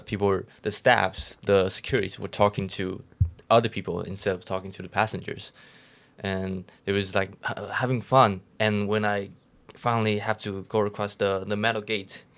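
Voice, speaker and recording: A young man who is not a native English speaker, co-hosting a podcast and telling stories in a rambling, halting way. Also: on the low side, vocal fry. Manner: relaxed, rambling storyteller with halting restarts. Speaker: podcast co-host. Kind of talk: casual storytelling chat.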